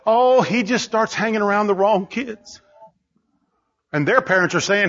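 A man preaching a sermon, driving his points home with repetition and bursts of shouting. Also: high-pitched, unhurried, long pauses. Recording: dull lo-fi recording.

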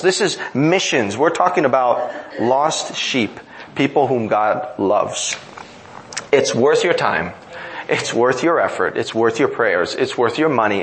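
A man's voice: on the high side, poor audio. A man in his thirties delivers a sermon with earnest emphasis, stacking repeated phrases to drive each point home. Faint ambient noise sits under his voice. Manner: earnest, repetitive emphatic preaching. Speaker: pastor.

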